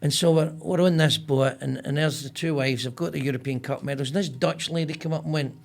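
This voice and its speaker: A man's voice: fairly high pitch, fairly quick, gravelly. A man with a Scottish accent telling a funny story as a podcast guest, acting out the people in it. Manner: lively storyteller, acts out quotes. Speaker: comedian guest. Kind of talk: casual anecdote telling.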